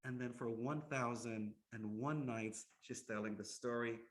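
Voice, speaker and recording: A man recounts an old tale in an Islamic lecture, mid-pitched and conversational. He often repeats words as he restarts, and throws rhetorical questions at his listeners. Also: steady tone, unhurried. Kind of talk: storytelling lecture.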